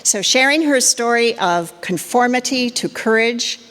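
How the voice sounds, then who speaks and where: A woman on a forum committee giving a prepared introduction of the evening's speaker in a measured manner. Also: a little high, fairly bright tone. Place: lecture hall with a live audience. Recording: reverberant hall.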